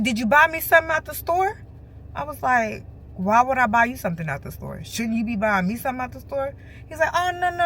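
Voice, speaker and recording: A woman with telling a casual storytime vlog from her car, acting out other people's lines in an animated way. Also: sits high. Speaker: vlogger. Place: parked car.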